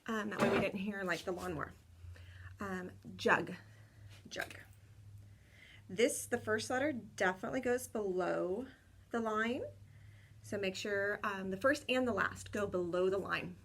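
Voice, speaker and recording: A young woman teaching kindergarten children remotely, talking slowly and clearly, repeating words and cheering them on. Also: medium pitch, fairly bright tone. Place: home room with a window.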